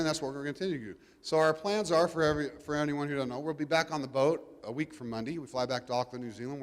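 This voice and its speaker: A middle-aged guest speaker, a father of a cruising family, gives an informal talk about his life to a live audience at an event venue. He speaks with a drawl at an ordinary middle pitch, folksy and joking, rambling and doubling back with restarts. A long reverb suggests a big public space.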